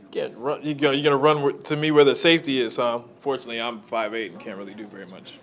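A man's voice: medium pitch, level tone, fast talker, few pauses, a bit bright. A man filming on a phone, playfully coaxing a child and stammering over his repeats. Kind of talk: casual coaxing chat.

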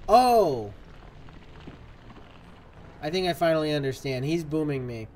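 Man, live gameplay commentary, fairly high voice, exasperated, jokey, faint background noise. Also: lively intonation, measured pace, long pauses, a little mellow. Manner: exasperated, jokey, talks to the game. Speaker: streamer.

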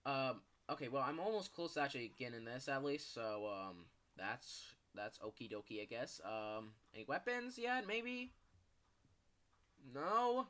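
A man's voice: mid-range voice, very animated, moderate pace, few pauses, a bit bright. A man giving live gameplay commentary, panicking, yelping and swearing at the game, then rambling with lots of fillers. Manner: rambling with many fillers and restarts. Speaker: gaming YouTuber.

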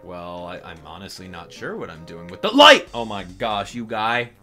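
A man giving casual, excitable gameplay commentary, thinking aloud as he plays. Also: on the low side, moderate pace, soft background music.

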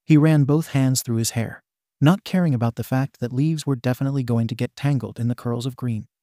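A man reading a fan-fiction story aloud as scripted narration, in an even storybook manner. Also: medium pitch, fairly quick, no room sound, clean studio sound.

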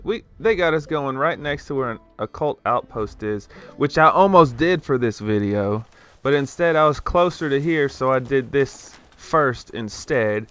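A man's voice: medium pitch, expressive, a little slow, fairly bright tone, clear, resonant tone. A young man giving casual gameplay commentary, ranting and sarcastic, with frequent swearing.

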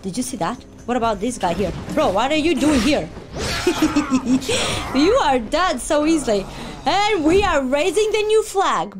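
A woman gaming YouTuber giving loud, excitable let's-play commentary, yelping, laughing and chatting with her viewers. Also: sits high, unhurried, background noise. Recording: game music playing underneath.

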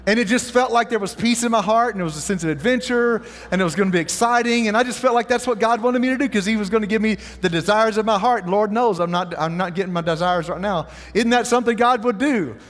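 In a church sanctuary with a long reverb tail, a pastor delivers his sermon fast and high-pitched, with few pauses. He tells a story in an animated way and asks the audience questions.

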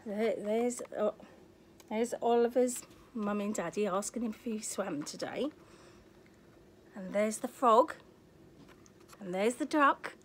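An older woman reading a children's picture book aloud, pausing to point at pictures and ask the child questions. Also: mid-range voice, a little hiss or hum. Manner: asks the young listener questions, points at pictures. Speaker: storyteller.

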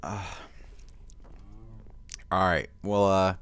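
Deep slow teen boy with hiccups. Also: smooth, dry recording. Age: teens. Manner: groaning and complaining. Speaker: gaming channel host. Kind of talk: casual gameplay commentary.

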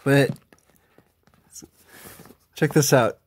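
A man's voice: lowish voice, moderate pace, pauses often. A man chatting casually as he reviews comics, reading their dialogue aloud with running remarks.

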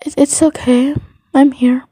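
A gentle teenage boy from a fan audio story, stammering and tripping over his words as he tries to comfort someone, as a woman puts him on. The voice sits a little high and mellow, with soft, careful delivery. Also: flat delivery, measured pace, no echo. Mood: soothing.

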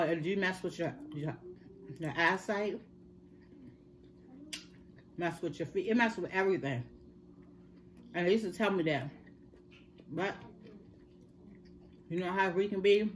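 A woman's voice: lowish voice, measured pace, pauses often, a little hiss or hum. A middle-aged woman chatting earnestly to her viewers about her health. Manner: chatty, earnest storytelling, addresses viewers as y'all. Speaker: mukbang vlogger. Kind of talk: casual chat to viewers.

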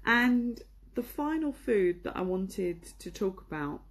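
Speaking at a slow, unhurried pace, this young presenter from England has a medium-pitched voice and lively intonation. She's giving a casual culture lesson about England, sprinkled with plenty of ums and ahs.

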